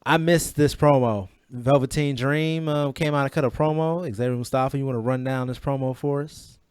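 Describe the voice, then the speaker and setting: A man's voice: mid-range voice, fairly even intonation, normal speed, a little mellow, clean tone, no room sound, studio quality. A man hosting a casual wrestling podcast, joking and laughing often as he leads the rundown. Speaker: podcast host.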